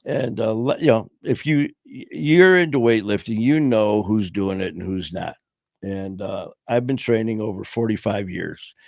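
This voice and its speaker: A man's voice: fairly low pitch, moderate pace, vocal fry, darkish tone, no echo, studio quality. A man in his sixties from Michigan, hosting a podcast and telling loose, profane stories full of "man" and "you know". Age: 60s. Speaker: podcast host. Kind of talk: casual storytelling interview. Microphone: streaming podcast mic.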